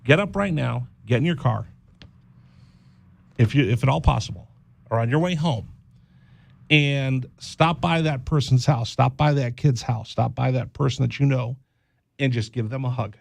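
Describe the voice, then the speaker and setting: A man hosting a radio show, speaking in a halting, heartfelt monologue, often repeating words and close to tears. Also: medium pitch, vocal fry, no echo. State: teary-eyed. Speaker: radio host.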